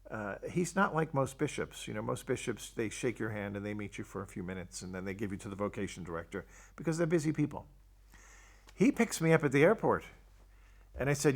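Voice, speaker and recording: With big pitch swings and a brisk pace at medium pitch, an older priest of the Catholic Church recounts his testimony as a story, acting out each line of dialogue he quotes.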